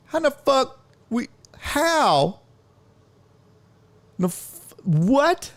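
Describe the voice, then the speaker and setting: A man's voice: very high-pitched, very slow, long pauses. A man in his fifties hosting a podcast, telling a funny story with a lot of swearing and acting out what people said. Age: 50s. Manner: profane, animated, acts out quotes. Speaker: podcast host. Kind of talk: comedic storytelling.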